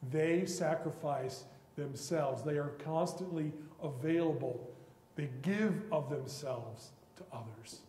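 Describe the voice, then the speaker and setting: A man lectures from the stage of a college auditorium, his fairly high voice ringing through a large, echoing hall with a long tail of reverb. He tells the stories with animated flair and slips into the characters' voices for their lines. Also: slow pace. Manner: animated storytelling, acting out quoted characters. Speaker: guest lecturer. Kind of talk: public lecture on literature.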